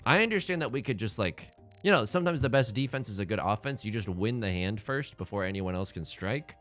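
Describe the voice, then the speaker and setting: A young man hosting a game let's play, talking through his moves with jokes and big swings between excited yelling and low muttering. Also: brisk, soft background music. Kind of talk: game commentary.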